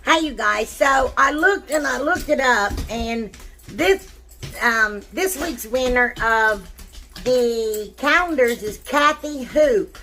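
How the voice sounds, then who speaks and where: A woman, hosting a casual craft tutorial, chatty and rambling, with a sore throat that makes her clear it often. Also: fairly high pitch, animated, slow pace, sharp tone. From Ohio, United States. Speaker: DIY crafts channel host.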